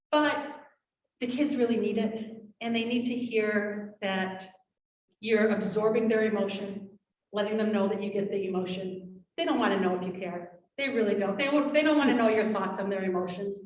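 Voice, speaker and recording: A woman giving a workshop presentation to parents, lively, acting out quotes from parents and children. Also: mid-range voice, moderate pace, highs cut off. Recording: roomy, from far off.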